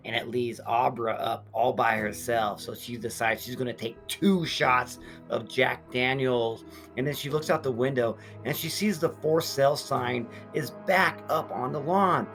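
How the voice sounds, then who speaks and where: A man's voice: medium pitch, a little slow, a bit bright, soft background music. A man reviewing a horror movie, retelling the whole plot in a blunt, profane, ranting way.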